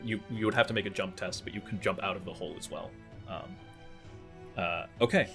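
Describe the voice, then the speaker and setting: A man's voice: deep voice, fairly quick, creaky, pushed and bright, soft background music. A man running a tabletop game as game master, explaining rules and narrating with many fillers and restarts.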